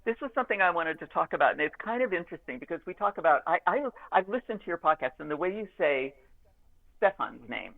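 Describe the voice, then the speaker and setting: A woman audiobook narrator, a guest on a podcast, chatting in a lively, self-deprecating way. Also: lowish voice, fast talker, hardly any pauses, phone-quality sound. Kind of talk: casual podcast chat.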